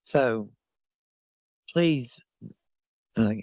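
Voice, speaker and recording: A woman in a recovery group, speaking slowly and hesitantly, worried and tired, sharing with emotion over a video call. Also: very deep voice, animated, a little mellow, dry recording. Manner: slow, tearful and hesitant.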